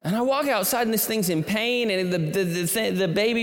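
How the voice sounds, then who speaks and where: A man tells a long personal story to a live audience, rambling and self-deprecating, and he often stops and restarts his sentences. His voice sits a bit high, and a long hall reverb trails behind it. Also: lively intonation, fairly quick, hardly any pauses. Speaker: speaker.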